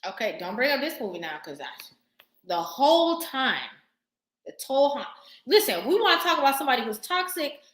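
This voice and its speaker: A woman vlogger talking casually to camera, sassy and animated, laughing often. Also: sits high, a little fast, reverberant.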